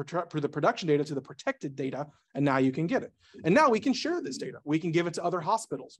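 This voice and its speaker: Male presenter, brisk and slightly high, casual and jokey, keeps restarting sentences. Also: darkish tone. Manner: rapid, self-interrupting, jokey asides. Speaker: conference speaker. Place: meetup presentation room.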